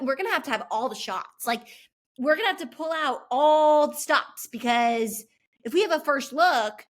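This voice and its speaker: A young woman hosting a casual faith-based podcast, chatty and animated, with many "like" fillers. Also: high-pitched. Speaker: podcast host.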